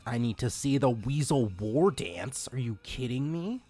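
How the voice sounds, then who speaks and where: An excitable streamer chats through a livestream reaction, gushing and giggling. The voice is mid-pitched and swoops widely up and down. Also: moderate pace, breathy edge, soft background music.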